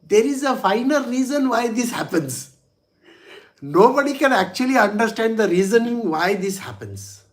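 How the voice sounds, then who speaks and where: Chuckling spiritual teacher. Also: male voice, extremely high pitch, expressive, normal speed. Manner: chatty, chuckles often, many "you know" asides. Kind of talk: storytelling religious discourse.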